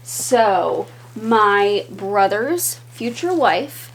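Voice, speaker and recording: A woman's voice: mid-range voice, sing-song, extremely slow, slight background noise. A woman talking casually to the camera in a home vlog, chatty and rambling, with lots of fillers and easy laughs. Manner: laughs easily. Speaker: vlogger. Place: indoors at home.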